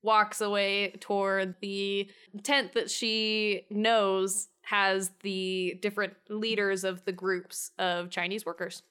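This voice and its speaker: Chatty woman with a bright voice. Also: medium pitch, little pitch movement, slow pace, hardly any pauses, clean tone. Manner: easygoing, chatty. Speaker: player. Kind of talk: narrating her character's actions.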